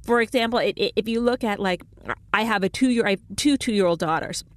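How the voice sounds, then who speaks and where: A woman in her thirties hosting a call-in relationship advice radio show, explaining quickly with many restarts and laughing easily. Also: mid-range voice.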